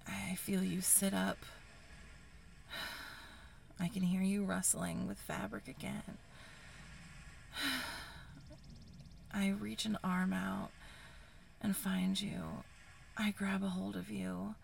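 A woman telling an intimate story in first person in a breathy, sighing, hushed whisper, as a whispered role-play. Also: mid-range voice, little pitch movement, takes it slowly, pauses often, a little hiss or hum. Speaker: erotic audio narrator.

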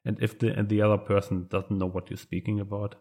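A man's voice: fairly low pitch, flat delivery, fast talker, dark tone. A man with a German accent, a non-native English speaker, talking hesitantly in a casual interview as a guest writer. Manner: hesitant, many fillers and restarts.

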